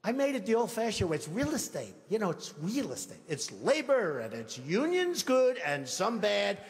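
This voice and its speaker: An older man gives a campaign speech in a boastful, repetitive way, acting out imagined phone calls. His voice sits high for a man. The sound carries the long reverb of a large hall. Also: wildly swooping pitch, normal speed. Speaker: presidential candidate.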